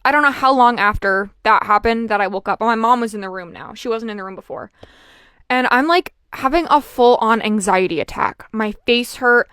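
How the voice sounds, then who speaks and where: A young woman chatting casually as she tells a personal story, with lots of fillers and an animated delivery. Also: on the high side, brisk, clear, resonant tone, no room sound, studio quality. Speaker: vlogger.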